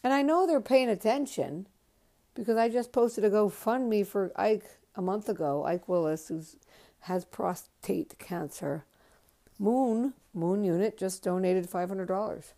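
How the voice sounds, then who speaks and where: A woman's voice: mid-range voice, unhurried, mellow. Blunt swearing woman rambling at home. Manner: blunt, emotional, swears freely. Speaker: podcast host. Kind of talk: late-night rambling monologue. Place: home, doing chores while talking.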